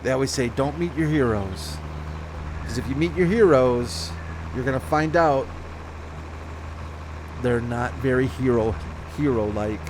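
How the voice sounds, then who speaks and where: A man's voice: mid-range voice, measured pace, long pauses, noisy background. A man chatting casually over his farming game, rambling and correcting himself as he goes. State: slight hiccups. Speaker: gaming channel host. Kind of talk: casual let's-play commentary.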